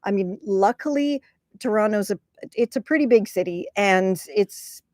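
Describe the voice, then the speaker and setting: A woman's voice: medium pitch, moderate pace, darkish tone, no echo, clean studio sound. A woman hosting a casual livestream, chatty and rambling, laughing often and reading viewer comments aloud. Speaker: content creator hosting a livestream.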